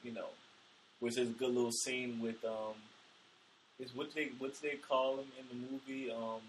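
A man co-hosting a casual movie podcast, rambling with lots of restarts and getting animated. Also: mid-range voice, normal speed. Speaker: podcast co-host. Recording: distant mic with faint hiss.

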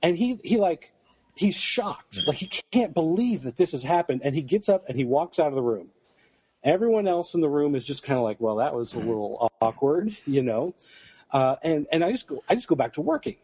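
A man's voice: on the high side, sing-song, fairly quick, a little mellow, slightly rough, no echo. A man on a casual podcast, telling a long rambling anecdote full of fillers. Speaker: podcast co-host. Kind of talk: casual storytelling chat.

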